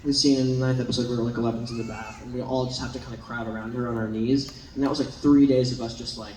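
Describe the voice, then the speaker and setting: A man's voice: mid-range voice, fast. A young man as a panel guest, telling rambling stories with lots of laughs. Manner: rambling, animated, laughs often. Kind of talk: casual panel storytelling. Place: large convention hall. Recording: echoey convention hall from far off, crowd. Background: crowd noise.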